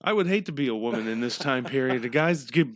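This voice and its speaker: A man co-hosting a podcast, chiming in with quick teasing quips and laughter. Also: medium pitch, lively intonation, dry recording, studio quality. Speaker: podcast co-host. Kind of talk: casual comedic podcast chat.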